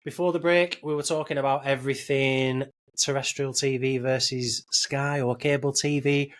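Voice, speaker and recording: A man's voice: mid-range voice, flat delivery, moderate pace, a bit bright. A man, hosting a casual podcast and rambling with many restarts and repeated words. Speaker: podcast host.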